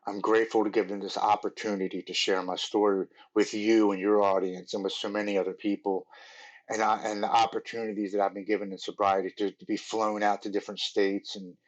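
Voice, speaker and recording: A man's voice: lowish voice, little pitch movement, brisk, poor audio. A man in his forties, a podcast guest earnestly telling his recovery story, with lots of "like" and restarts.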